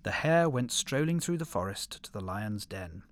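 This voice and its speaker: A man narrating an animal fable in an expressive storybook reading. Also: on the low side, normal speed, no echo.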